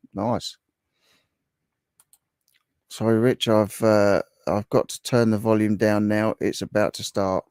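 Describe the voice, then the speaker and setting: A man's voice: on the low side, steady tone, measured pace, pauses often, darkish tone, no room sound, clean studio sound. Chatty man hosting a home livestream. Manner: chatty, laughs often, reads viewer comments aloud. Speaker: livestream host. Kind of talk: casual livestream chat reading comments.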